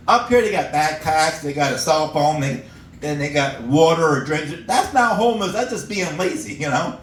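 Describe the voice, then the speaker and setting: A man's voice: a little high, lively intonation, a little slow, reverberant, far from the mic, slight background noise, low-quality recording. A middle-aged man from upstate New York doing an open-mic stand-up set at a cafe, telling stories, laughing at his own jokes and acting out characters and animal noises. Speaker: stand-up comedian.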